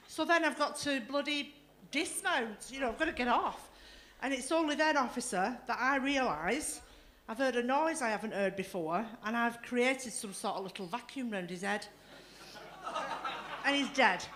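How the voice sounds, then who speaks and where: A woman's voice: a little high, a bit bright, a little hiss or hum. A woman doing a bawdy stand-up comedy set, swearing freely and laughing through her lines. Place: comedy club stage.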